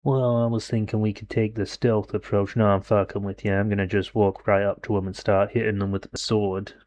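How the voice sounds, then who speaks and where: A man's voice: lowish voice, flat delivery, fairly quick, darkish tone, natural voice. A man voicing a flamboyant French mercenary with a put-on French accent, playful and mock-polite. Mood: joking.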